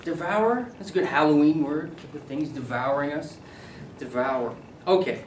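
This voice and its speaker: A middle-aged man, a university English professor, leading a classroom seminar, animated and quizzing his students. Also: on the high side, moderate pace, slight background noise. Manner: animated, asks the class questions and repeats their answers. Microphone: camera at a distance. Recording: echoey room, voice from far off.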